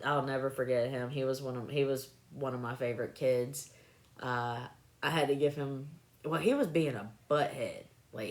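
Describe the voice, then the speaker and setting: A woman casually telling animated anecdotes on a phone live stream, breaking into laughter as she goes. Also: very deep voice. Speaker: livestreamer recalling clinic work.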